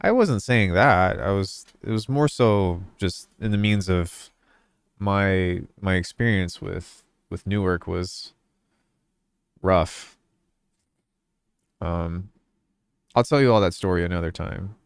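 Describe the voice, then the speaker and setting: A young man from New Jersey talks loosely to his stream while he works on a track. His voice sits a little low, and the sound is dry and close. He rambles and swears offhandedly in a laid-back way. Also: takes it slowly, creaky, pauses often, smooth, no echo. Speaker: music producer streaming. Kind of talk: casual livestream chat.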